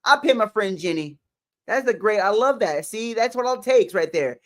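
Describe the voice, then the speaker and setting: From a home livestream setup, a man hosts a motivational stream, reading the chat and greeting viewers by name in an upbeat, chatty way with frequent laughter. His voice sits high with a fairly bright tone, lively intonation, and normal speed.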